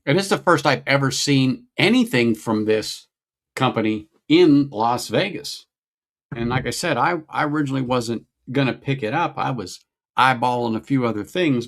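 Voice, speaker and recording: On a whiskey-tasting livestream, a middle-aged host with a gravelly, medium-pitched voice chats casually, thinking out loud and saying hello to viewers.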